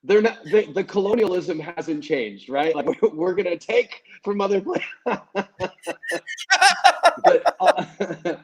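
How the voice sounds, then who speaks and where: A man, a guest comic, telling stories in a casual, animated way and laughing as he goes. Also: high-pitched, slow, muffled recording. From United States. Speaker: guest comedian. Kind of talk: casual storytelling.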